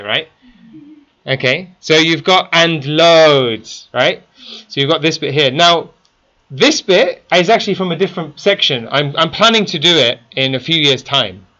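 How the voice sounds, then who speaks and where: A man's voice: a little high, bright, forceful tone, muffled recording. A man teaching a class, constantly quizzing his students with questions. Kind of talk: interactive classroom lesson.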